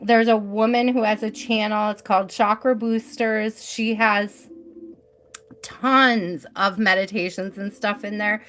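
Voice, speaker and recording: A woman's voice: mid-range voice, steady tone, a little slow, a bit bright, a little hiss or hum. A middle-aged woman hosting a live tarot reading, chatting in an easygoing way with mild swearing. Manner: chatty, easygoing, mildly profane.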